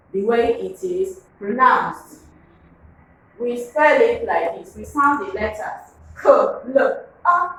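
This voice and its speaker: A woman teaching phonics in a slow, deliberate way, repeating each word and asking listeners to say it back. Her voice sits a little high and comes from some distance from the mic, in a very echoey room with a faint hum behind. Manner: slow, drilling, repeats words and asks to pronounce. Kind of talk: classroom phonics lesson.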